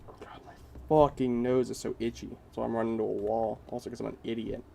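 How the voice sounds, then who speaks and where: A man's voice: mid-range voice, little pitch movement, brisk, vocal fry, warm tone, slight background noise. A young man streaming a video game, chatting casually with crude, joking banter and lots of swearing. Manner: self-mocking, giggly banter. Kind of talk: casual gaming commentary.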